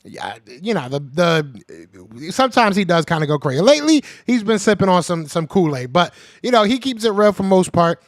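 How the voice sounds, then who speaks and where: A man hosting a live podcast, reading the chat and trash-talking in a casual, animated way; he is a little sick. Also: sits high, normal speed, no echo, studio quality.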